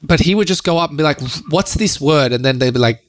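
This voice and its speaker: A man's voice: fairly high pitch, rapid-fire, no room sound. Young male co-host, casual and slangy, close dry mic. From Australia. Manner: loose and slangy, animated storytelling. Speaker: podcast co-host. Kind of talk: casual chat.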